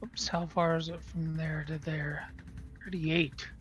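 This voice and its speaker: A player at a tabletop game, slowly thinking aloud through choices. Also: mid-range voice, level tone, fairly bright tone, a little hiss or hum.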